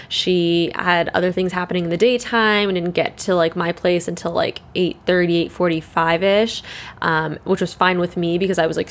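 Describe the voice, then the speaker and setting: A young woman in her twenties chats on her own as host, her voice sitting a little low. She rambles loosely, fills her talk with "like", swears freely and laughs a lot. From Canada. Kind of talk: casual solo chat.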